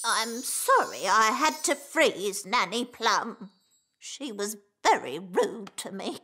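A woman's voice: a little high, big pitch swings, slow pace, pushed and bright, slight background noise, heavily acted. A touchy retired witch. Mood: stern. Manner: polite then indignant, warning tone. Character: retired old witch woman, touchy and proud. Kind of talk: cartoon voice acting.

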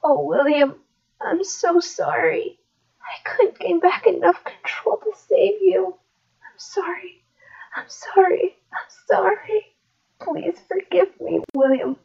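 A woman's voice: high-pitched, flat delivery, normal speed, a little mellow. A woman voicing a remorseful older brother who apologizes through tears, on a dull lo-fi recording. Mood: grieving. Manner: tearful, repeated apologies. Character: remorseful teenage older brother, grief-stricken.

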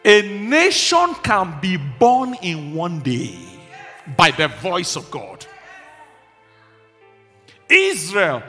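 A male pastor delivering a fervent sermon, building to shouted declarations of faith. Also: high voice, huge pitch swings, very slow, pauses often. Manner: impassioned preaching with shouted declarations. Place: church hall. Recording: reverberant hall with faint music.

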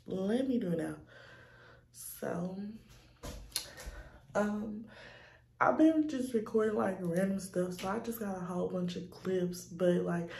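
A young woman chats loosely into a phone at arm's length, her voice mellow and relaxed. She talks in a slangy, easygoing vlog style. The room is echoey, with faint noise in the background. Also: on the low side, vocal fry. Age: young adult. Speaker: vlogger. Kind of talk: casual vlog talk. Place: home, indoors. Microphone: phone camera held at arm's length.

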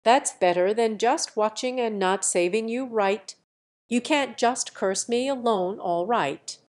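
A woman's voice: on the high side, unhurried, natural voice. A woman reading as a cocky young male warrior. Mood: explaining. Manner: calm, lecturing, self-assured. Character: brash, easygoing young male martial hero.

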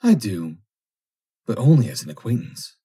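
A man's voice: mid-range voice, wildly swooping pitch, moderate pace, dark tone, breathy edge. A man reading aloud, voicing a proud young woman who coolly rejects a suitor. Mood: cold, reproachful. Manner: cool, formal and reproachful.

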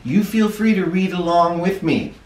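A man reading a children's picture book aloud in a playful, animated way. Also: high-pitched, moderate pace. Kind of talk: read-aloud storytelling for kids. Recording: echoey room, mic at a distance.

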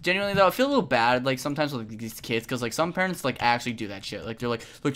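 A young woman streaming a game, giving casual commentary with lots of swearing and sudden shouts. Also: very deep voice, very fast, few pauses. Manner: profane, excitable, frequent shouting.

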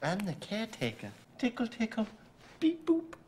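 A man putting on the voice of a creepy, childish male caretaker, in sing-song baby talk with a breathy tone. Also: high-pitched, huge pitch swings, moderate pace, darkish tone, pitched above the performer's own voice, full character voice.

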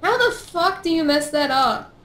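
A woman's voice: sits high, animated, normal speed, fairly bright tone. A woman playing a game with a friend, teasing her and swearing casually. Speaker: gaming co-player. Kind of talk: casual gaming chat. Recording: echoey room with faint noise.

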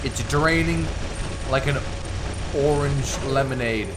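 A man giving excitable live commentary over his own gameplay, teasing and taunting the opponents as he plays. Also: medium pitch, slow pace, very noisy. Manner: excitable, trash-talking the enemies. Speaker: gaming YouTuber.

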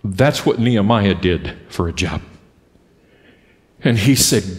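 A middle-aged man preaching a sermon as pastor, talking in a lively, conversational way and putting questions to the congregation. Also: lowish voice, takes it slowly, long pauses. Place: church sanctuary with congregation. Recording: long church hall reverb.

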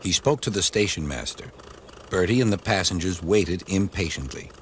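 A man narrating a children's storybook in a lively, animated way. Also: sits low, moderate pace, slight background noise. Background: music.

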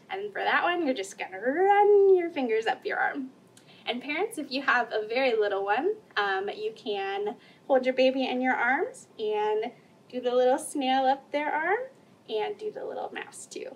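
A woman's voice: on the high side, lively intonation, normal speed, far from the mic, slight background noise. A young woman children's librarian leading a bilingual story time, reading aloud and singing nursery songs with frequent laughter. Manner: cheerful, laughs often, sings nursery songs.

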